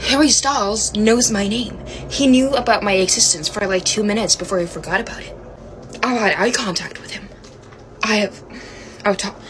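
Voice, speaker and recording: A young woman excitedly telling a storytime about meeting someone, rambling with lots of "like". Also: medium pitch, moderate pace, slight background noise. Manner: giddy, rambling, heavy use of "like". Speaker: vlogger.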